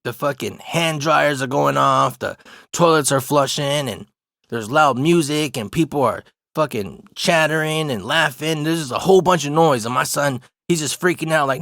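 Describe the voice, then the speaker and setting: A man's voice: on the high side, normal speed, creaky, a bit bright, no room sound, studio quality. A young adult man casually telling a funny story, swearing a lot and often laughing. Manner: profane, laid-back, laughs often.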